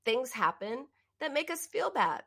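Bright, earnest woman giving self-help advice. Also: sing-song, measured pace. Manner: earnest and emphatic, often rising in pitch for emphasis; speaks directly to the listener in second person. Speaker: binge eating coach. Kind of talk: motivational self-help talk.

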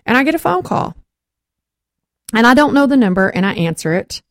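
Lively woman telling a testimony. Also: fairly high pitch, a little fast, no room sound, studio quality. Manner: lively storyteller, acts out quoted voices. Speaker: host of a Christian talk show. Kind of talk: faith testimony storytelling.

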